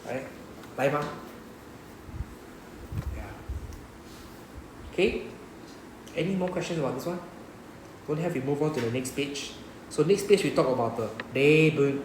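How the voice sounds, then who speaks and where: A man's voice: a little high, measured pace, long pauses, roomy sound, background noise. A man with a Singaporean English accent teaching a Japanese class, often checking with "right?". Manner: repeats "right?" to check understanding. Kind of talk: classroom lesson explanation.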